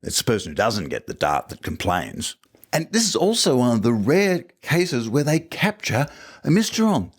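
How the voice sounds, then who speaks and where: A male podcast host talks through an episode with dry, teasing humour. His pitch sits in the middle of the range but leaps up and down as he quips and asks mock questions. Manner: wry, joking, asks himself questions. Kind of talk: episode review commentary.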